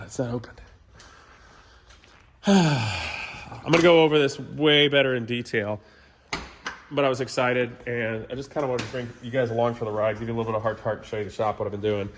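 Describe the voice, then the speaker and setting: A man's voice: medium pitch, slight background noise. A man hosting his own car channel, talking candidly and rambling to viewers while walking through his shop. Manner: candid, rambling, talks to viewers as "you guys". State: sick. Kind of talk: casual vlog walkthrough.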